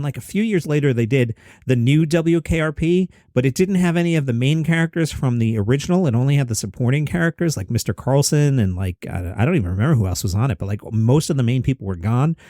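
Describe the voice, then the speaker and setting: A man's voice: medium pitch, dark tone, no room sound, clean studio sound. Chatty male comedy-news podcast host. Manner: conversational, thinking aloud with asides. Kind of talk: casual comedy news commentary.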